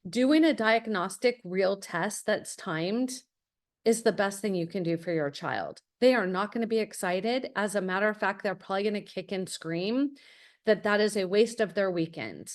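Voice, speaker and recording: A woman's voice: medium pitch, normal speed. A middle-aged woman, a college admissions consultant, talking to parents in a masterclass, direct and full of stories. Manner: direct, anecdotal, acts out quotes. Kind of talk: webinar masterclass talk.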